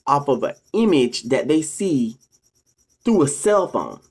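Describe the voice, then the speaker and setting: Preachy vlogger lecturing ladies and gentlemen. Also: mid-range voice, sing-song, unhurried, husky. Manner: acts out quoted people in a raised voice. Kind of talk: casual spoken monologue to viewers.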